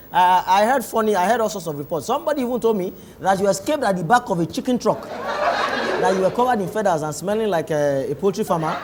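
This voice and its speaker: A man's voice: high voice, noisy background. A Nigerian man with a Nigerian accent, hosting a talk show and eagerly asking questions. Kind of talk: interview conversation.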